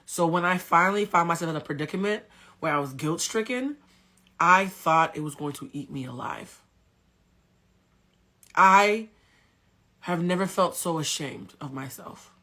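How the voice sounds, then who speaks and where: Candid coach on a live stream, woman with a bright, forceful voice, blunt and cussing. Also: lowish voice, unhurried, long pauses. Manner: candid, blunt, swears freely. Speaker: spiritual coach and tarot reader. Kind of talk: casual live-stream storytelling. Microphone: phone.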